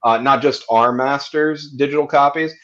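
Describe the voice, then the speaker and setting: A man narrating his character's actions in a tabletop role-playing stream, halting with many fillers and restarts. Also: medium pitch, steady tone, a bit bright, lo-fi sound. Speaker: player.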